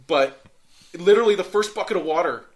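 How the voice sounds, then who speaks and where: Rambling, fairly high-voiced male storyteller. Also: lively intonation, moderate pace. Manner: rambling, many fillers and restarts, swears. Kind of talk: casual storytelling.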